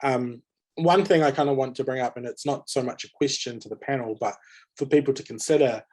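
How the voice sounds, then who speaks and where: A man moderating a panel discussion in a relaxed, conversational way. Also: medium pitch, a little fast. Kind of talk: panel moderation on a video call.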